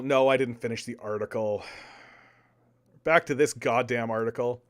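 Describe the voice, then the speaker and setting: A young man doing casual live-stream political commentary, animated, repeating words and arguing with his chat. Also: medium pitch, normal speed. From Canada.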